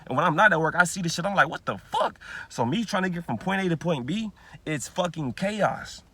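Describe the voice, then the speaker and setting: A man's voice: on the high side, lively intonation, a little fast, pushed and bright, husky, no echo. A man, ranting heatedly in a vlog, repeating himself and swearing constantly. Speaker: vlogger. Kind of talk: profane ranting monologue.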